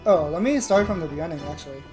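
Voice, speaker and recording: A man's voice: fairly high pitch, expressive, quick pace. A man streaming a game, talking casually to viewers with lots of fillers. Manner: chatty, many fillers like "like" and "you know". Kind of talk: casual let's play commentary. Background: background music.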